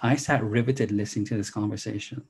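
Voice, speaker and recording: Middle-aged man, interview guest, gravelly low voice, eloquent and reflective. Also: fairly even intonation, fast talker, darkish tone, a little hiss or hum. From Jamaica. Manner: articulate, elaborate literary phrasing. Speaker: interview guest, philosophy professor.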